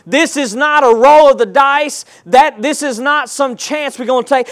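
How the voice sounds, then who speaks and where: A man preaching a sermon, calling on the congregation to answer back and stressing points with slow, emphatic delivery. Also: very high-pitched. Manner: call-and-response preaching, rising to emphatic shouts.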